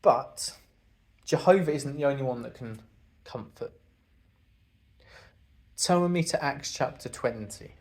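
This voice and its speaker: A man's voice: mid-range voice, unhurried, pauses often, darkish tone. A man giving an earnest sermon talk to a congregation, speaking conversationally and asking the listeners rhetorical questions.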